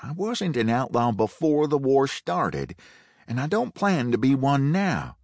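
A man's voice: medium pitch, very animated, unhurried, a little mellow, no echo, clean studio sound, pitched above the performer's own voice. A man playing an earnest young cowboy. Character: principled young ex-Confederate cowboy.

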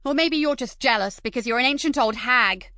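A woman's voice: on the high side, fairly quick, pushed and bright, dry recording, studio quality, voice pushed up. A woman doing a hot-tempered, defiant teenage girl. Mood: mocking. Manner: cheeky, angry back talk.

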